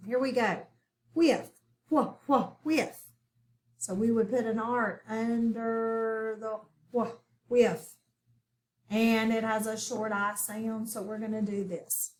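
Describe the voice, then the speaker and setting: A woman teacher giving an online phonics lesson to children, saying each word slowly and clearly. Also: a little high, slight background noise. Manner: slow, clear, over-articulated word repetition.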